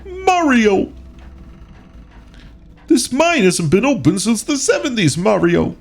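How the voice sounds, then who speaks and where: A man squeaking out a nervous high cartoon plumber. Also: big pitch swings, slow, gravelly, full character voice. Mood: worried. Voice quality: strained, high-pitched put-on cartoon voice. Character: nervous cautious Italian plumber brother.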